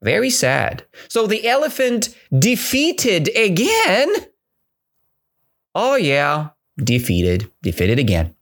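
A man's voice: sits high, wildly swooping pitch, takes it slowly, a bit bright. A man from Russia teaching English on a podcast, retelling a story and checking understanding with repeated questions. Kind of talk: podcast language lesson.

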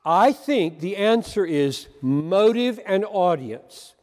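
Male preacher, high-pitched, impassioned sermon delivery in a hall with a long reverb. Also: expressive, slow pace, darkish tone. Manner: impassioned, emphatic, repeats words for stress.

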